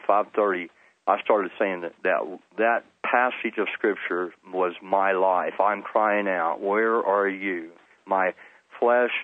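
Man, pastor telling his testimony, lowish voice, earnest and emotional, tinny phone-like sound, dry. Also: no room sound. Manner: earnest, emotional, repeats words for emphasis. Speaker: Baptist pastor giving testimony. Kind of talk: storytelling testimony in an interview.

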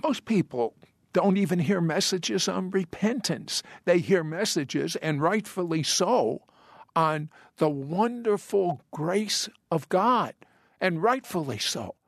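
A man hosting a Christian television interview, asking slow, earnest questions. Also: high voice, animated, creaky, no echo, clean studio sound. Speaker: host.

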